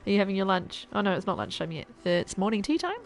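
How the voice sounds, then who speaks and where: A woman's voice: medium pitch, sing-song, fast, creaky, poor audio. Chatty laughing woman streamer. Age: adult parent. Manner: chatty, laughs often, trails off mid-sentence. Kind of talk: casual gameplay chat with viewers.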